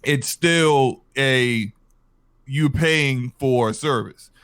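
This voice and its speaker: A man's voice: medium pitch, drawn-out words, a bit bright, clean tone, no echo. A man hosting a gaming podcast, making his case point by point with many restarts. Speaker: podcast host. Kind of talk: casual podcast discussion.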